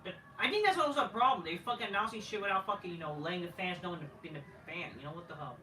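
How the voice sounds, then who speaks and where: A man tears through a wrestling review in a loose, profane rant, sounding exasperated as he rambles along. His voice is bright and sharp, heard from some distance off a camera mic. The room gives it a strong echo, and a faint hiss sits underneath. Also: sits high, rapid-fire. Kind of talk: casual ranting review.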